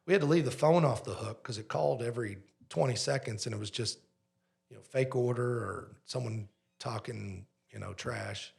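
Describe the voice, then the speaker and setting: Restaurant owner guy on a podcast telling a wild story, bit of vocal fry, acts out the dialogue. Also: medium pitch, moderate pace, a little mellow. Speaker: pizzeria owner, podcast guest.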